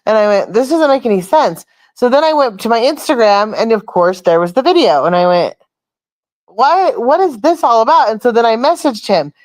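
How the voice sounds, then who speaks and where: A woman's voice: on the high side, animated, fairly quick, hardly any pauses, a little mellow, no room sound. A woman hosting a casual chat, telling a long rambling story and swearing freely. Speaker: host.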